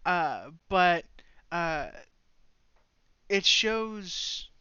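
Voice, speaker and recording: A game master narrating a tabletop role-playing session in a hesitant way, full of ums and restarted phrases. The voice is smooth and resonant, but the recording is dull and lo-fi with a dry, close sound. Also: medium pitch, expressive, pushed and bright, no room sound. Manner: halting, many fillers and restarts.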